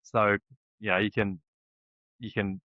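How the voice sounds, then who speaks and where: A man's voice: lowish voice, level tone, a little slow, no echo. Easygoing New Zealand man, dull dry sound. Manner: easygoing and chatty, with many restarts. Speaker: guest rugby coach. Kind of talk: casual interview chat.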